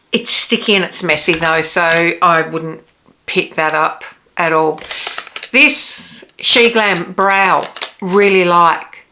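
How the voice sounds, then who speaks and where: Slow-talking woman with a bright voice. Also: mid-range voice. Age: 40s. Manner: chatty, practical tips given directly to viewers. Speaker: beauty vlogger. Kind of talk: casual makeup review.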